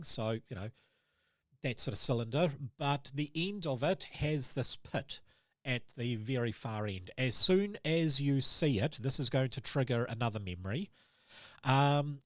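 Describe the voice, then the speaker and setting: A man's voice: medium pitch, dry recording, studio quality. A man as game master, narrating a tabletop horror game in a loose, rambling way, full of ums and sort-ofs.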